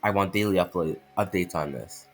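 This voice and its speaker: A man playing a measured old leader, speaking low with a slight French accent and stumbling over words. Faint music plays under the voice. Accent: put-on French accent. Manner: stumbling, halting reading with restarts. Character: old male village leader, calm and measured.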